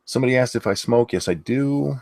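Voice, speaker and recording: A man's voice: mid-range voice, brisk, vocal fry, a little mellow, dry recording, studio quality. A man co-hosting a stream, giving laid-back, matter-of-fact replies in casual chat. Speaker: streamer co-host.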